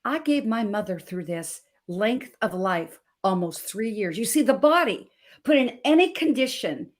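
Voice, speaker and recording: A middle-aged woman from Montana, a guest health coach telling her personal story with dramatic swings from hushed to emphatic. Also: mid-range voice, very animated, a little slow. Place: video call.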